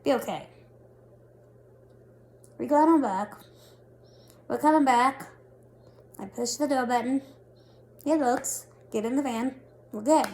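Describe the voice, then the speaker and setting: A woman vlogger in her thirties, telling a story in a casual, animated and self-mocking way. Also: sits high, measured pace, pauses often.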